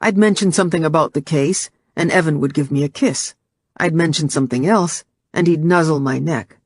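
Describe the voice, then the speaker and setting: Guy reading a novel aloud, kinda high voice, steady pace, super dry close mic. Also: fairly quick, dry recording. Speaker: audiobook narrator. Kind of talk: scripted first-person narration.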